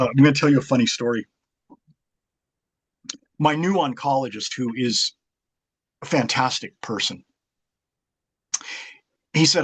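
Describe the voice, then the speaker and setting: A man's voice: medium pitch, a bit bright, breathy edge. A man, a guest martial arts author, chatting casually in an interview and rambling through stories with many fillers and restarts.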